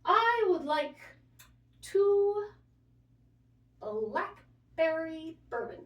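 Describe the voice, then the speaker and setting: A woman's voice: very high-pitched, sing-song, very slow, lo-fi sound, voice pushed up, heavily acted. A woman voicing a cheerful elderly man with aphasia, who drawls a hesitant "ah, yes" before each request. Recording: roomy sound, distant mic.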